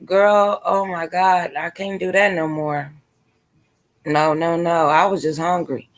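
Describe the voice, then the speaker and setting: A woman streamer talks with a friend in loose, emphatic chat. She tells everyday stories in a relaxed, conversational way. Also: lowish voice, slow pace. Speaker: live streamer. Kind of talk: casual chat.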